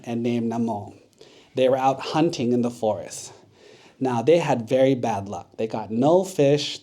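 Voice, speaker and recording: A man's voice: medium pitch, dark tone. A man, a Buddhist monk, telling a children's story in a casual, conversational way.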